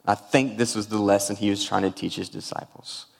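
A man's voice: fairly low pitch, steady tone, fairly quick, vocal fry, slightly rough, big-room sound. A man preaching a sermon, telling a personal story with feeling and weaving in scripture. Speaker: pastor.

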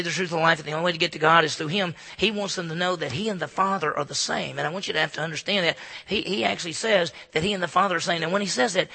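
A man preaching with emphatic force, his high voice gravelly and husky. His bright, sharp tone rings out with a long reverb, as from a church sanctuary. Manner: emphatic, rising to loud repeated phrases. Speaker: pastor. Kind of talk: sermon.

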